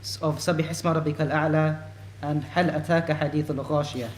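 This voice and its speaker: A man's voice: fairly high pitch, flat delivery, rapid-fire, echoey room. A man reading aloud as a student in a class, a little hesitant. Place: mosque classroom.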